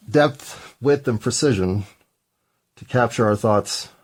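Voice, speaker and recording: A man's voice: lowish voice, a little mellow. A man in his fifties in a casual, rambling, self-deprecating solo monologue. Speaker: solo podcaster.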